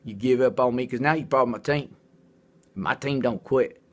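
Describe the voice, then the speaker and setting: A man talks straight to the camera in a long, rambling monologue, blunt and quick to swear but earnest underneath. His voice sits at an ordinary middle pitch for a man. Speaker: self-described artist and writer.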